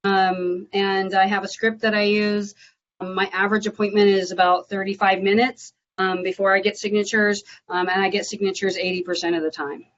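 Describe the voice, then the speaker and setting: A woman's voice: mid-range voice, little pitch movement, normal speed. Chatty woman real estate agent, muffled. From Nashville, USA. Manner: chatty, filler-heavy, bright and upbeat on calls. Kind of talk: live prospecting calls and Q&A. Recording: muffled lo-fi audio.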